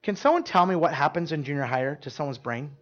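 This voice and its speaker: High-voiced preacher, chatty and direct. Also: male voice, animated, fast, highs cut off. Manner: conversational, repeats words and asks the room questions. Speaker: pastor. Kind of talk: sermon.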